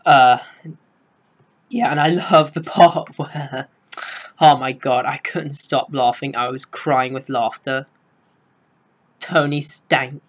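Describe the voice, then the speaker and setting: A man giving a casual spoiler review of a film, gushing and filling pauses with "uh". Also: mid-range voice, fairly even intonation, highs cut off. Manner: gushing, lots of filler words. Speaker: film vlogger.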